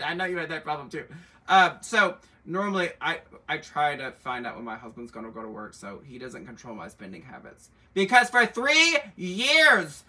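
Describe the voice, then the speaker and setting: A man's voice: on the high side, moderate pace. A middle-aged man hosting a live luxury bag sale, chatting and teasing viewers in a campy, sassy way, in an indoor shop room. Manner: campy, animated and sassy, full of asides and teasing. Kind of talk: chatty live-stream selling, reading viewer comments. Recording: voice picked up from a distance.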